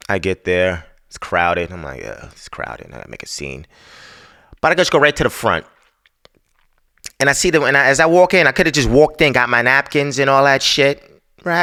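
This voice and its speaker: A man's voice: medium pitch, bright, forceful tone, clean tone. A man hosting a podcast, telling a story in a casual, profane, exasperated rant. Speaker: podcast host.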